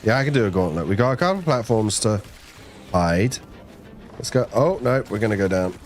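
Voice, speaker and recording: This time the young streamer sounds expressive and brisk, his voice on the low side, with faint music behind him. Gaming on a team channel, he rambles playfully, talks to chat and to himself, and slips into goofy voices here and there.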